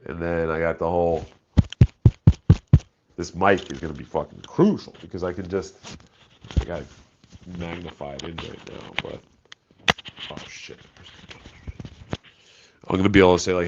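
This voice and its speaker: Slow, gravelly-voiced man streaming. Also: sits low, fairly even intonation, dull audio, heavy background noise. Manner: profane, laid-back, reads chat aloud. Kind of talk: casual live-stream chat.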